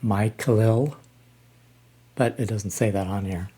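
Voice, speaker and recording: Slow, halting older man. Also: on the low side, fairly even intonation, mellow, slightly rough. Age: 60s. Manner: halting and unhurried, frequent ums and restarts. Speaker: reaction channel host. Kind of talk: casual music reaction commentary.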